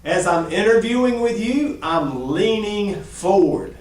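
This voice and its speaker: A middle-aged man leads a job-skills class, animated and expressive, his fairly high voice swinging up and down. He sounds a little distant from the mic, in a large, echoey room. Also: a little slow. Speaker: reentry job-skills teacher.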